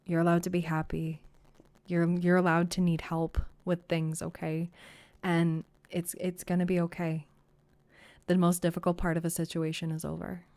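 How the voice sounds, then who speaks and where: A woman's voice: lowish voice, monotone, normal speed, a little mellow. A woman giving a casual tarot reading to camera, effusive and reassuring, with frequent exclamations. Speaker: tarot reader.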